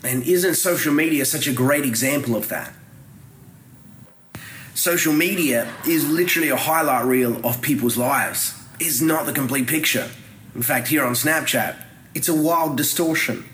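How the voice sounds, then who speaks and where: A man's voice: mid-range voice, moderate pace, fairly bright tone, echoey room, a little hiss or hum, low-quality recording. A man giving a recorded video sermon segment as pastor, with wry, self-mocking humor.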